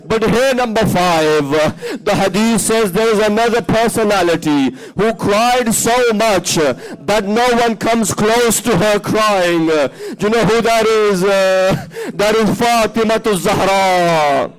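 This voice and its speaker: A man's voice: high-pitched, slow, few pauses, rough recording. A man delivering an impassioned mourning sermon at a religious centre, his voice rising into emotional cries. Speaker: preacher reciting a majlis. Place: mosque community centre.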